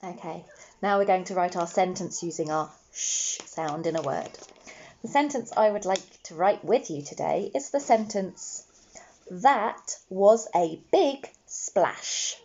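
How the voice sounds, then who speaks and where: A woman's voice: fairly low pitch, normal speed, darkish tone, dull audio. A woman teaching a phonics lesson to young children, patient and encouraging, sounding out each letter. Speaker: primary school teacher.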